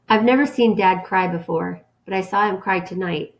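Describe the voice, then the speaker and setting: A woman teacher reading a novel aloud to her students in a calm, steady storytelling manner. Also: mid-range voice, a little slow, vocal fry.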